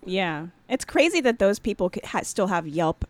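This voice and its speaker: A woman's voice: mid-range voice, very animated, normal speed, dry recording. A woman appearing as a guest on a casual chat show, dry and sarcastic.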